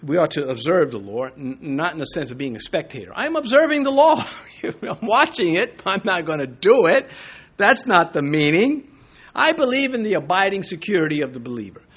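A man's voice: fairly high pitch, fairly bright tone, breathy edge. An older man preaching a sermon as a pastor, in a conversational way, with asides and small restarts.

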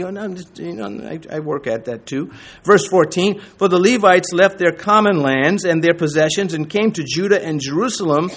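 Lively high-voiced male pastor preaching. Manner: animated preaching, acting out quoted voices. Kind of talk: sermon.

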